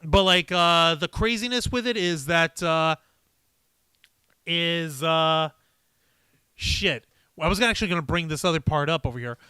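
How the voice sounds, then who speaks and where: Reacting to comments from viewers, a live stream host rambles casually and profanely at a measured pace, pausing often. His voice is bright, high, smooth and clear, captured close and dry with no room sound.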